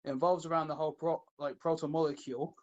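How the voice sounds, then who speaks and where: A British man co-hosting a casual podcast, chatting and joking with animated banter and frequent laughter. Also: fairly high pitch, fast talker. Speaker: podcast co-host. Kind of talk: casual chat.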